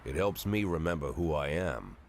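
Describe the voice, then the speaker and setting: An actor playing a cynical police chief in his sixties, narrating a game with dry, world-weary calm. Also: extremely low pitch, moderate pace, vocal fry, heavily acted. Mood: brooding. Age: 60s.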